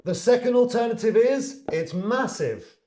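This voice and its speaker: A man's voice: extremely high pitch, expressive, unhurried, mellow. A man giving a lesson, explaining words and acting out example sentences. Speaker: English teacher. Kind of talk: online language lesson. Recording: echoey room.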